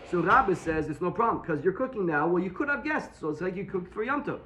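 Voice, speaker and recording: Man teaching a Talmud class, higher voice. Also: expressive, fast, hardly any pauses, bright, forceful tone, echoey room. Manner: explains step by step, repeats points and asks rhetorical questions.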